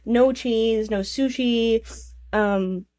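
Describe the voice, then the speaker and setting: A young woman, a DJ and singer, telling a personal story in a podcast interview, halting and restarting, laughing through tears. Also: on the high side, fairly even intonation, warm tone. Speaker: guest, DJ and vocalist.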